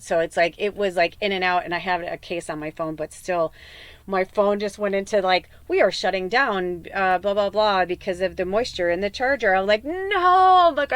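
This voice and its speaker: A woman giving a tarot reading in a casual spiritual podcast, telling a rambling story full of fillers and acting out quoted dialogue with sudden leaps in pitch. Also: dry recording. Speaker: tarot reader.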